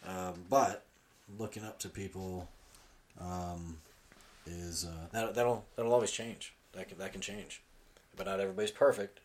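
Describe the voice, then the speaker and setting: A man in his thirties hosting a casual podcast chat with his daughter, relaxed, laughing often and pausing with lots of ums. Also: low-pitched. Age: 30s. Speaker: podcast host and father.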